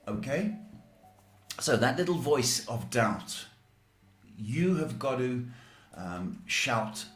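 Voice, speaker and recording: A male psychic host answering viewers' questions on a live stream, chatty and reassuring, often saying "okay" and "folks". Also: lowish voice. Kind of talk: live-stream advice chat. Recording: echoey room.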